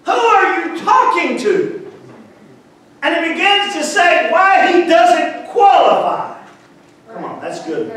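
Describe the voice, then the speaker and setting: A male pastor preaching a fervent sermon, calling out to the congregation and rising to shouts. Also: extremely high pitch. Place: church sanctuary. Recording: echoey church hall, far from mic.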